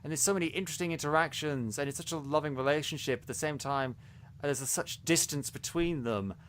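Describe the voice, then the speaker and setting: A man's voice: a little high, fast talker, fairly bright tone, slight background noise. A man co-hosting a podcast, reviewing a series in casual chat, talking animatedly with many restarts and stumbles. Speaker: podcast co-host.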